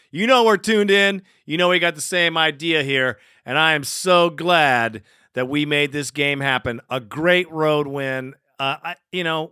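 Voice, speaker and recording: A man hosts a fan show in an excited, brash, trash-talking way. His voice is bright and forceful, smooth and resonant, recorded very dry and close. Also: a little high, dry recording. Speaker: podcast host. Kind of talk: casual fan podcast chat.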